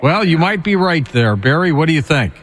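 A man hosting a radio call-in show, briskly and amiably taking callers. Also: a little high, very animated, fairly bright tone. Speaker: radio host.

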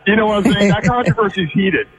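A man's voice: sits high, fast, husky. A man from Oregon calling in to a radio show, speaking in an earnest, rambling way. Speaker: caller. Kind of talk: call-in radio conversation. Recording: phone line with reverb.

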